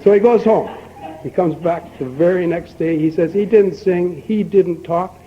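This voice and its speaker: An older man speaking at a recovery meeting, telling a long folksy joke and acting out both characters with lively emphasis. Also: sits high, unhurried. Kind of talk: storytelling talk at a recovery meeting. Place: meeting hall. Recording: dull lo-fi archival tape with faint hiss.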